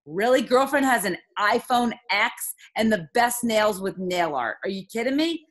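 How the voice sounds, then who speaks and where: Woman, fairly high voice, team leader, motivational call, emphatic, heated, rhetorical questions. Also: lively intonation, measured pace, hardly any pauses. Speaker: team leader coaching her sales team.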